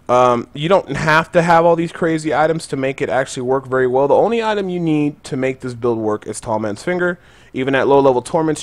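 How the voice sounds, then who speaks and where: A man's voice: mid-range voice, no room sound. A young man giving casual, chatty gameplay tutorial commentary, loose with fillers and gamer slang. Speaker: gaming channel host.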